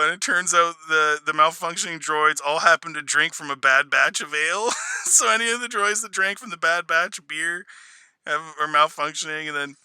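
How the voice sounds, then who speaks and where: A man giving a casual, sarcastic review, laughing often and mocking scenes with quick put-on voices. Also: fairly high pitch, bright, forceful tone, clear, resonant tone, no echo, poor audio. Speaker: video reviewer.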